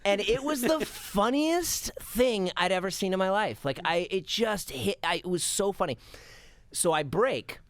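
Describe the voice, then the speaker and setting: In a dry recording, a man with a high voice speaks a little slowly as a podcast guest. He's an animated storyteller in casual chat, laughing and acting out old scenes.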